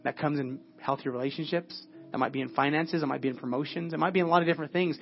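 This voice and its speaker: An earnest male pastor with a fairly high voice preaches at a church service, often sinking into a hushed, prayerful tone. The audio is dull and lo-fi, with faint music underneath. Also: steady tone, very fast, creaky. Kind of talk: sermon.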